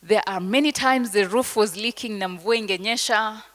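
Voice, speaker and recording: Kenyan woman speaker in a reverberant hall. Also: mid-range voice. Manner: emphatic, slow dramatic phrasing with sudden soft whispers. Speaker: motivational speaker. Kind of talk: inspirational speech to an audience.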